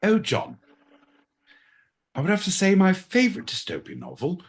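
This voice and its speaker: A man's voice: high voice, huge pitch swings, normal speed, husky, voice pushed up, heavily acted. A man voicing a prim, silly posh Englishman with a put-on British accent, chirpy and sing-song.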